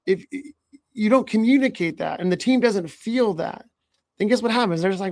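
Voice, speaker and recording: Hosting a podcast, a male leadership coach offers earnest advice on workplace habits in a steady conversational flow, frequently checking in with "right?" His slightly high voice carries a gravelly edge, and he speaks at a moderate pace on a dry recording without echo.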